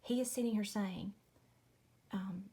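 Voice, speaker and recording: A woman's voice: mid-range voice, fairly even intonation, unhurried, warm tone. A woman, chatting casually through a Bible study at home at night, apologetic and friendly, saying y'all. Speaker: Christian video host.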